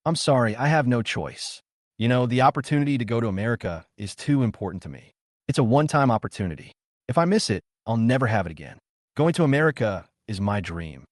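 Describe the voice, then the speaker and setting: A man's voice: mid-range voice, animated, fast, no room sound, clean studio sound, close to an everyday voice. A man voicing a tearful young woman pleading with her former fiancé.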